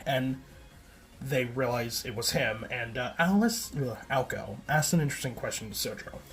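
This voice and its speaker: Speaking at a moderate pace in a mid-range voice, this video essayist delivers a loose, wandering recap. He keeps correcting himself and leans heavily on fillers like "like" and "um."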